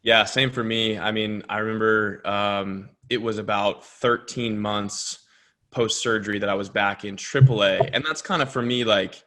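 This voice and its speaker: A young man, a baseball pitcher co-hosting, talking earnestly and reflectively in casual chat. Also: steady tone, moderate pace, a bit bright. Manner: reflective, earnest, builds energy when making a point.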